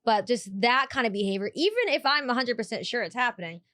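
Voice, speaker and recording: Lively high-voiced woman co-host, dry close sound. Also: fast, dry recording. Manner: animated, opinionated storyteller. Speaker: podcast co-host. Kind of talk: casual chat.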